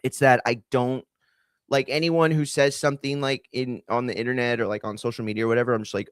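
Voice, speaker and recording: A man's voice: medium pitch, fairly even intonation, fast, smooth, dry recording. A man hosting a combat sports show, ranting in a heated, profane, rambling way with lots of fillers. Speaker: combat sports podcast host. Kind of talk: casual opinion rant.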